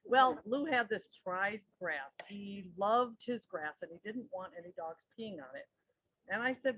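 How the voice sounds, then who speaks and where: A woman's voice: medium pitch, expressive, moderate pace, a bit bright, husky, no echo, poor audio. A woman sharing a chatty story about her neighbor at a memorial gathering, laughing now and then as she talks. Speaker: neighbor of the deceased.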